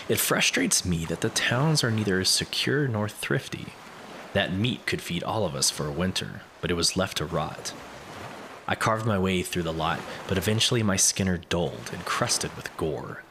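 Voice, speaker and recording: Man reading letters, very low voice, measured delivery, noisy backdrop. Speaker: reader of community letters. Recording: steady background noise.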